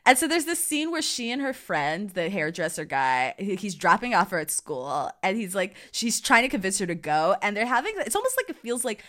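A woman's voice: mid-range voice, big pitch swings, brisk, few pauses, a bit bright. A woman co-hosting a podcast, recapping a movie in casual, rambling chat full of fillers and laughs. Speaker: podcast co-host.

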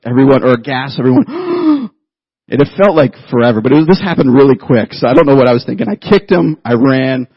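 A man in his thirties, a pastor, preaching a sermon and telling a childhood story in an animated way, laughing at himself. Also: medium pitch, husky, no room sound, lo-fi sound.

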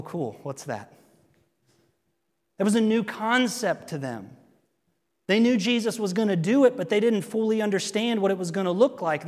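A male pastor delivers a sermon with a fairly high voice. He stays animated, joking and acting out the quotes he reads. His words ring on in a large reverberant church hall. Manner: animated, jokes and acts out quotes.

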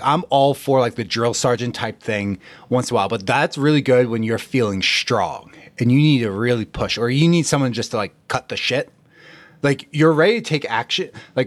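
A young man hosting a fitness podcast, talking in a blunt, profane and animated way about self-talk. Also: medium pitch, no room sound. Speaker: podcast host. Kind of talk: casual motivational talk.

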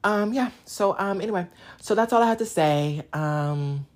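A vlogger chats to camera in a casual, sassy way, rambling, teasing the audience, and breaking into snatches of song. The voice is mid-range at a normal speed.

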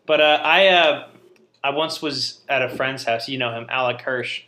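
A young man hosts a relaxed podcast chat in a bright, ringing voice. He rambles from one story to the next, stops to correct himself, and laughs easily along the way. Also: medium pitch, normal speed. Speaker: podcast host. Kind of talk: casual chat.

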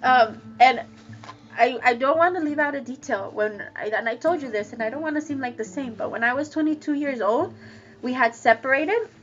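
A woman telling a personal story candidly, with emotional laughs and halting restarts. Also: high-pitched, muffled recording, a little hiss or hum. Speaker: guest sharing a personal story.

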